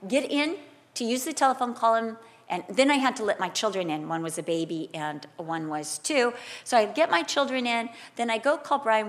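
A middle-aged woman preaching a sermon, switching between scripture teaching and a lively personal story, acting out quotes loudly. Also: a little high, normal speed.

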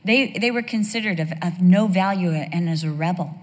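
A woman preaching a sermon, emphatic, slowing down on key phrases and breaking into playful asides. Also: lowish voice, in a large hall.

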